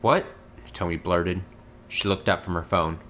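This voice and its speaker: A man's voice: low voice, little pitch movement, normal speed, fairly bright tone, slight background noise. A man reading a visual novel aloud on stream, breaking off to laugh and comment. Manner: reads the story text, breaks off to laugh and comment. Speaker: let's play streamer.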